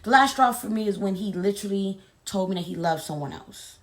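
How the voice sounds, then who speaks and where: Sassy woman telling a breakup story. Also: medium pitch. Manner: animated, sassy, drawn-out dramatic retelling with asides like "baby". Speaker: storyteller vlogger. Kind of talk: casual storytime chat.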